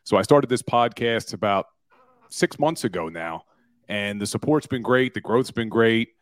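Energetic forty-something Philly man, dry studio sound. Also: lowish voice, normal speed, no room sound. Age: 40s. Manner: energetic, storytelling, self-deprecating. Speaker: guest, podcaster and former lawyer. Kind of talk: casual sports radio interview.

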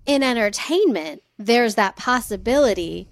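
A woman co-hosting a podcast, telling a story in relaxed casual chat with frequent fillers. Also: a little high, measured pace, no room sound.

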